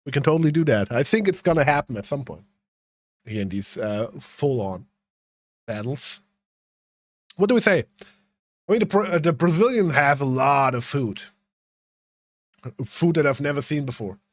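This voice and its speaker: A man's voice: mid-range voice, lively intonation, moderate pace, pauses often, dry recording. A young man streaming a game, chatting casually with viewers, rambling and swearing freely. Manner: swearing, rambling, talking to chat. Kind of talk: casual livestream commentary.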